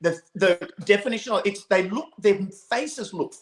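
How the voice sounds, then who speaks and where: A radio show host chatting casually, giving blunt quick reactions and opinions. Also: mid-range voice, lively intonation. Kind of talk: casual chat. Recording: echoey room with faint background noise.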